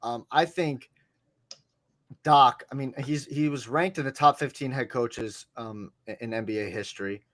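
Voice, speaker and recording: A man's voice: mid-range voice, moderate pace, fairly bright tone. A man co-hosting a sports podcast, talking casually and animatedly, acting out quotes and swearing freely. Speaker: podcast co-host.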